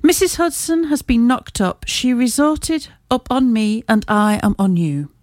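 A confident Victorian detective, brisk and courteous, speaking in crisp, measured sentences, as a woman reader puts him on. The voice is mellow, and the recording is dry and close. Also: a little high, no echo, pitched above the performer's own voice, close to an everyday voice. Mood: composed.

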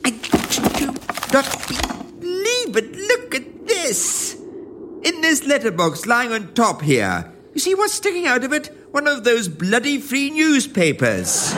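An incredulous, ranting grump. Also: male voice, very high voice, very noisy, heavily acted. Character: exasperated man ranting at junk mail.

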